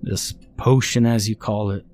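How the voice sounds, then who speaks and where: Man doing a careful, stammering mayor, low voice. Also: fairly even intonation, a little slow, darkish tone, slight background noise, close to an everyday voice. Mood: hesitant. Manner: hesitant, reasoning. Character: cautious hesitant male small-town mayor.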